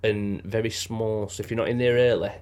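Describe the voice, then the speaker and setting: A man's voice: on the low side, steady tone, a little fast, a little mellow. A man, a lorry driver chatting and joking in a rambling, sweary way on a podcast. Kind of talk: casual banter.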